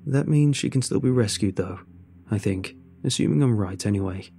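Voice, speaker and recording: Give me a blunt, wry older hand, read by a man, with a dark low voice. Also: normal speed, creaky, a little hiss or hum.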